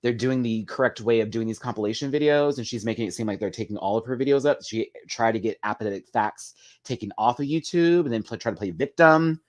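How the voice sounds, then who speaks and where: Male live-chat host, casual gossipy commentary, animated and talkative, ordinary mid-range voice. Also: fast, hardly any pauses. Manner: chatty, gossipy, big swings in pitch and loudness; addresses viewers as "girl" and "y'all". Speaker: livestream host.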